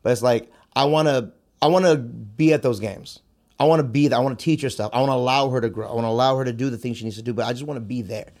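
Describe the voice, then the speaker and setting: A man's voice: mid-range voice, quick pace, a little mellow. A young man, a martial arts instructor, talking candidly in a casual conversation and telling stories from his teaching and fatherhood. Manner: candid, storytelling, repeats phrases.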